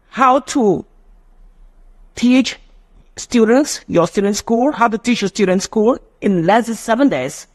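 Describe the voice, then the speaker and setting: Brief: Nigerian-accented male phonetics teacher, fairly high voice, rambling delivery with frequent restarts. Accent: Nigerian English. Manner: rambling, repeats and restarts phrases. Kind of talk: live online class.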